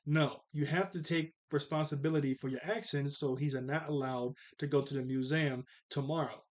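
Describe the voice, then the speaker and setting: A man's voice: on the high side, steady tone, normal speed. A young man casually recapping a cartoon episode, laid-back and slangy, with chuckling asides.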